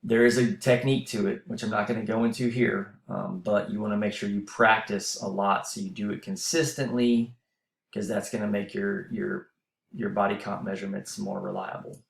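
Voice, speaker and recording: A university instructor with a fairly low, creaky voice keeps a level tone and moderate pace as he explains class material casually, with fillers and restarts. He is running out of breath, and this lecture voice-over, recorded on a voice-over mic, has a roomy sound.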